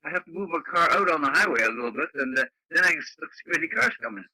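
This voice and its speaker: Bright-voiced man on radio chat. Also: fairly high pitch, expressive, very fast, creaky, husky, dry recording, poor audio. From Canada. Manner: rambling, folksy, exclaiming. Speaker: radio net regular.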